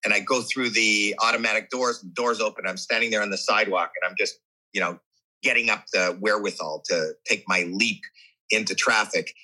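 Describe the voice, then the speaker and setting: An interview guest shares a deeply personal story, animated and emotional, often starting his sentences over. His voice is husky-edged with a very bright, forceful tone, and he talks fairly quickly. The recording quality is low.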